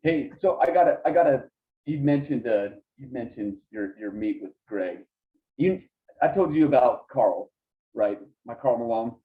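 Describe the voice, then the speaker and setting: A man of ordinary pitch tells stories with gusto and switches voices for the people he quotes. His voice comes through a tinny, phone-like connection with a narrow band. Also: normal speed. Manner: animated storyteller, acts out voices in quotes. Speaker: podcast guest. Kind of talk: casual storytelling.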